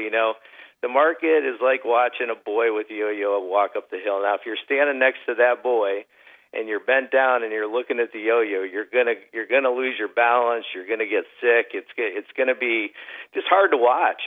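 A man giving a relaxed radio interview as an investment advisor, telling folksy stories with lots of "you know" fillers. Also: on the low side, narrow, tinny audio. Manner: folksy storyteller, many fillers. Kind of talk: casual radio interview chat.

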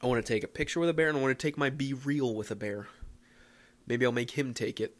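Speaking fast at a medium pitch, a young Philadelphia-area man runs his own casual podcast. His delivery is rambling and self-mocking, punctuated by excitable outbursts.

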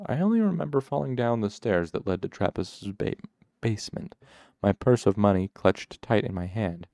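A man reading a novel aloud as first-person narration, in a measured, even storytelling manner. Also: fairly low pitch, vocal fry, no echo, studio quality. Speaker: audiobook narrator.

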